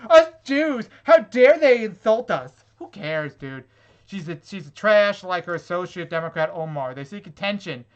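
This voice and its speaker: In a vlog, a man reads online comments aloud and responds in an angry rant of sarcastic, swearing exasperation. His voice sits high with a fairly bright tone, and the recording is muffled.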